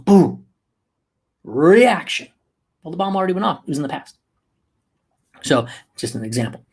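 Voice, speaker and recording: A man hosting a motivational podcast as a coach, talking emphatically and moving from slow, soft passages to quick bursts. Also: mid-range voice, husky. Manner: emphatic, acts out angry outbursts.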